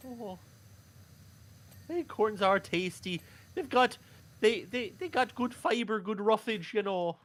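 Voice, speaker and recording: A man's voice: sits high, slow, pauses often, fairly bright tone. A man voicing a frightened, starving peasant boy who pleads meekly for scraps of food. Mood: eager. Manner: pleading, whimpering and meek.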